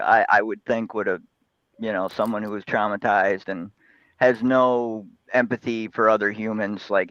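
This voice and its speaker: A man's voice: lowish voice, dry recording, muffled recording. A man on a casual movie review podcast, talking hesitantly with many fillers and restarts. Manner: hesitant, full of likes and restarts. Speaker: podcast panelist.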